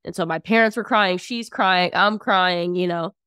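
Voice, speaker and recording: A young woman talking casually as a podcast guest, outspoken and animated, telling stories with lots of fillers. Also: lowish voice, normal speed, clear, resonant tone, dry recording, clean studio sound. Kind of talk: casual conversation.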